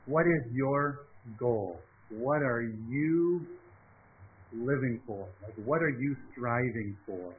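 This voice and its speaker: A man's voice: mid-range voice, animated, slow pace. A male pastor giving an interactive sermon, often asking his congregation questions. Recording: tinny phone-like sound.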